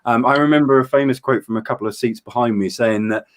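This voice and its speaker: A man's voice: mid-range voice, fast. A man, a coach appearing as a guest on a livestream, speaking earnestly and passionately to fans. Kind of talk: casual livestream chat.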